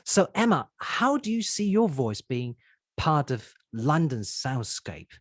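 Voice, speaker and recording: A host asks questions in a lively, sing-song way, the pitch rising and falling a lot. The voice is slightly husky and sits close to the mic in a dry, dead room. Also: takes it slowly, no room sound. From Taiwan. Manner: curious, encouraging, laughs along. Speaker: podcast host, interviewer. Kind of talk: casual interview chat.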